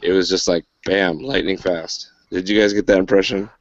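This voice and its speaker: A man's voice: low-pitched, flat delivery, normal speed, dry recording, dull audio. A man hosting a casual podcast, talking loosely with lots of fillers and dry sarcasm. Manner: rambling, filler-heavy, wry sarcasm. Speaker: podcast host.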